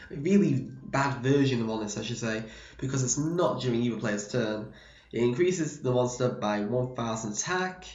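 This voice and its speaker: A man's voice: medium pitch, a little mellow. A man from the UK talks through a card game deck in a loose, rambling way, often correcting himself mid-sentence. His voice is a little worn, as if he is slightly losing it. The recording sounds dull and roomy, like a home setup. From United Kingdom. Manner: rambling, self-correcting, explanatory. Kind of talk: casual deck profile explanation.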